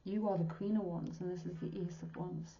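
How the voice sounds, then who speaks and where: A woman's voice: fairly low pitch, fairly even intonation, a little fast, mellow, slight background noise. A woman in her sixties, working as a medium, gives a tarot reading in an earnest, heartfelt way and often drops to a whisper. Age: 60s. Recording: dull lo-fi recording.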